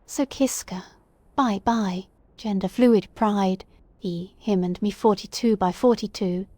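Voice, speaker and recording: A woman's voice: mid-range voice, fairly even intonation, a little slow, dark tone, no echo. A woman streamer, still a little sick, playfully reading chat messages aloud in casual livestream talk.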